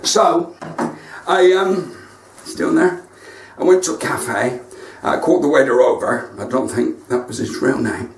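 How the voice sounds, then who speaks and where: A man's voice: mid-range voice, unhurried, recorded from a distance, slight background noise. A male stand-up comedian with a West Country English accent, telling cheeky jokes on a live stream from home with asides to his viewers. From West Country, England. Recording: echoey room, voice from off mic.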